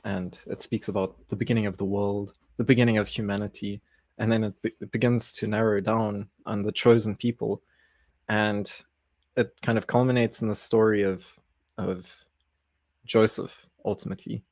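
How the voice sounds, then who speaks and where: A man's voice: on the low side, little pitch movement, moderate pace, darkish tone, no room sound. A man hosting a casual livestream Bible study, easygoing and chuckling, often restarting his sentences.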